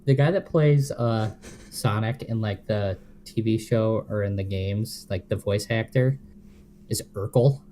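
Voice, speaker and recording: Podcast co-host, man, deadpan slow reader, low voice. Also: slight background noise. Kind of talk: reading fanfiction aloud, casual chat.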